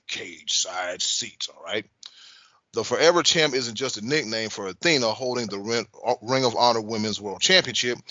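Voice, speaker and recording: A man's voice: mid-range voice, bright, forceful tone, no room sound, dull audio. A man hosting a wrestling podcast, joking around and then reading news aloud in a laid-back way. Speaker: podcast host. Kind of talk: casual chat and news reading.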